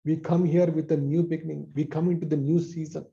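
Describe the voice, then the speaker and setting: A man preaching a sermon over a video call, repeating phrases with emphasis and dropping softly at line ends. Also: a little high, flat delivery, fairly quick, gravelly, muffled recording. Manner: repetitive, emphatic with soft drops.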